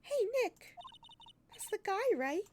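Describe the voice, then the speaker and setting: A woman's voice: very high voice, big pitch swings, slow, darkish tone, slight background noise, voice pushed up, exaggerated voice. A woman voicing a perky young girl sidekick in a game dialogue read aloud, eager and chirpy.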